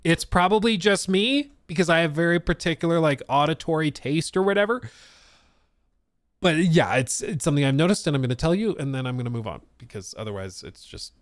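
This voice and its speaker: A man's voice: on the high side, animated, fairly quick, dry recording, studio quality. A man chatting casually on a live stream, reacting to gaming news, rambling, laughing and reading chat comments aloud.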